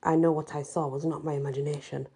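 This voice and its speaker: A woman's voice: low voice, flat delivery, quick pace, mellow, husky, pitched below the performer's own voice, exaggerated voice. A woman doing a frightened pleading mother. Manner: anxious and pleading.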